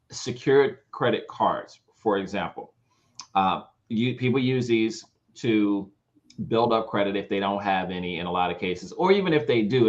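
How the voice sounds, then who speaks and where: A man with a low voice co-hosts a relaxed podcast chat. He talks loosely, with plenty of fillers and quick agreements. The recording sounds dull and lo-fi. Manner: conversational, lots of fillers and agreeing interjections. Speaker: podcast co-host.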